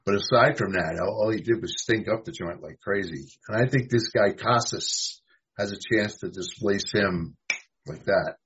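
A man's voice: lowish voice, normal speed, a bit bright, slight background noise. A man from New York, a guest who talks fantasy baseball in a hesitant way, full of ums and restarts. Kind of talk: casual sports chat. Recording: dull lo-fi sound.

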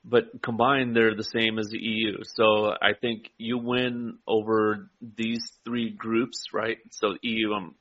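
A man in a casual political chat, talking in a measured, hedging way. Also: on the low side, level tone, fairly bright tone. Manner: measured, hedging, frequent "I mean" and "right?". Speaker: co-host. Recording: dull lo-fi audio.

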